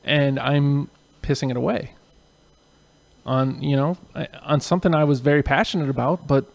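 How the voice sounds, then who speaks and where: A man's voice: mid-range voice, steady tone, normal speed, vocal fry. A man, a father, talking bluntly and earnestly in casual conversation, with some swearing. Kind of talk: casual chat.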